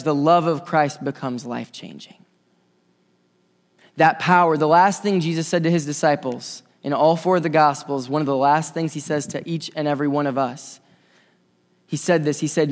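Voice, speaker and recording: A man preaching a sermon in a fairly high voice, rising to loud, urgent stretches and dropping to quiet, soft ones. His voice rings out with a long reverb, as in a large church sanctuary. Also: moderate pace. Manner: impassioned preaching, swinging between loud and soft. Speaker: pastor.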